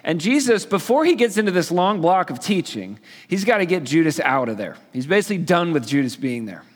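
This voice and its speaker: A man's voice: fairly high pitch, big pitch swings, a little fast, big-room sound. A male pastor teaching a sermon in a casual, storytelling way with playful asides. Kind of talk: sermon, conversational Bible teaching.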